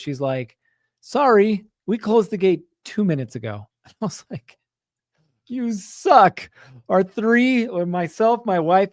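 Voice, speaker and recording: Guy telling a story casually, higher voice, dry close sound, acts out everyone's lines. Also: dry recording. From Utah. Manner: animated, acts out quotes, frequent "right?" asides. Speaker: host of a contractor business show.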